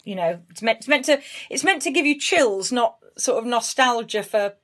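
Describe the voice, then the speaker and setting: A chatty English woman co-hosts a podcast with a slightly high voice. She talks in casual chat with friends, laughing easily and restarting her sentences as she goes. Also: animated, normal speed, fairly bright tone. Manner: chatty, self-interrupting, laughing. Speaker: podcast co-host.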